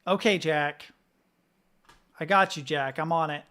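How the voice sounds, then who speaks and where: A man's voice: fairly high pitch, measured pace, pushed and bright. Southern guy streaming, swears a lot, rants and rambles while reacting. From Southern United States. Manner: profane, ranting, casual. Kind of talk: live-stream reaction commentary.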